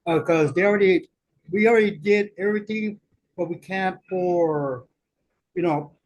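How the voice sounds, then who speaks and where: High-voiced man asking a rambling question. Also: moderate pace, lo-fi sound, slight background noise. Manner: rambling, searching for words. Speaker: community member asking a question. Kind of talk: question at a public meeting.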